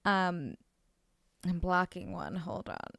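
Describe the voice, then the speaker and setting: A woman streamer chatting casually while she plays a video game, gushing over cute things and often dropping to a soft near-whisper. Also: lowish voice, sing-song, takes it slowly, vocal fry, no room sound, clean studio sound. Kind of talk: casual let's-play chat.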